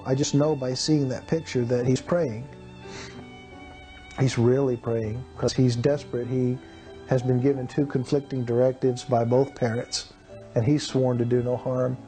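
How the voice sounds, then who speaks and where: A man in his fifties, from Texas, tells his personal testimony in a mellow, warm voice, earnest and dramatic, and puts on the voices of the people he talks about. Soft music plays quietly behind him. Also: medium pitch. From Texas, USA. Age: 50s. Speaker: testimony speaker.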